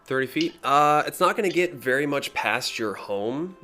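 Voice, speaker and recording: A man narrating as game master of a tabletop game, talking in a relaxed way with many fillers. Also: medium pitch, moderate pace. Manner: relaxed, with frequent fillers and throat clearing.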